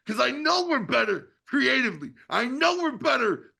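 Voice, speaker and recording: Man in his fifties, high voice, bright and tense tone, passionate, profane, casual chat. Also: big pitch swings, normal speed, gravelly, husky. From United States. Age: 50s. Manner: passionate, profane, repeats "you know what I mean". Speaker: podcast host and wrestling promoter.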